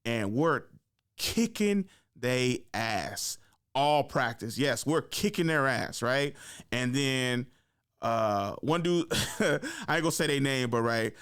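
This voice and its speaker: A young man hosting a podcast, telling a story in a casual, animated way, full of slang and swearing, acting out what people said. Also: mid-range voice, clear, resonant tone. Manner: animated, acts out quotes, swears freely, slangy. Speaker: podcast host.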